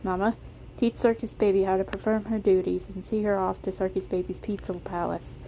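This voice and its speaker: Woman doing a calm, kindly inventor man. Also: mid-range voice, a little fast, gravelly, slight background noise, natural voice, low-quality recording. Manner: calm, gentle, reassuring. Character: kind, reassuring adult male inventor.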